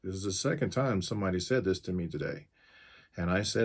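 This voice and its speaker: A man's voice: sits low, moderate pace. A mobile mechanic in his fifties tells the story of a pushy customer's phone call to camera, in a firm, blunt and straight-to-the-point way.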